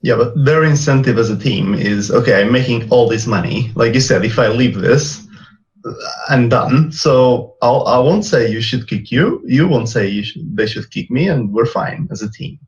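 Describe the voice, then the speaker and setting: Mid-pitched man on muffled call audio. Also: expressive, normal speed. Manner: reasoning aloud with restarts. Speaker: guest on a round-table discussion. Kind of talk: casual chat.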